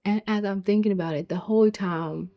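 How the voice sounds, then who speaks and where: Telling her own story of a hard pregnancy as testimony, a young woman uses a steady, mid-range voice that runs a little fast. Emotion pulls her down to near whispers at the hardest parts, and soft music sits behind her.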